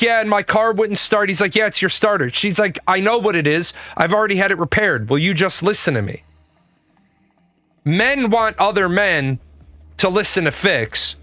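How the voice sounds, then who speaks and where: A man's voice: high-pitched, pushed and bright, no room sound. A man giving a blunt, profane, rambling comedic monologue from his office. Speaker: comedic commentator.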